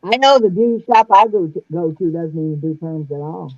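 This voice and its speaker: A woman's voice: fairly low pitch, animated, brisk, a little mellow, no echo. A woman joining a casual livestream chat with dry, wry remarks, over dull lo-fi call audio.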